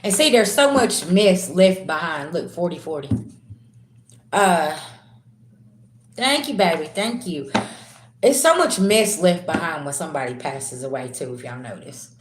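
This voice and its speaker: A woman reading tarot on a live stream, slangy and chatty, calling her viewers "babies" and swinging from low murmurs to loud, excited bursts. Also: a little slow, pauses often, noisy background. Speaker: tarot reader. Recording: roomy echo.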